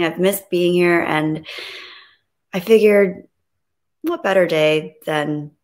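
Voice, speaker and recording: On her casual live stream, a woman with a fairly low pitch welcomes viewers and reads their messages aloud. Talking about grief, she grows soft and reflective.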